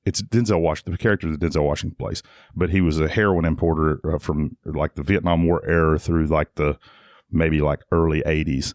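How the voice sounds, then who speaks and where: A middle-aged man talks in a low, deep voice. He tells stories casually and rambles, restarting his sentences and leaning on "like." The sound is dry and close. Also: steady tone, a little fast, darkish tone, dry recording. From Tennessee. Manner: rambling, frequent restarts and "like" fillers. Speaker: guest, jiu-jitsu academy owner. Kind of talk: casual conversational storytelling.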